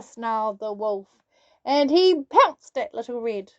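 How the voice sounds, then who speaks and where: A woman storyteller reading a children's story aloud in an expressive, sing-song way. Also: a little high, takes it slowly, muffled recording.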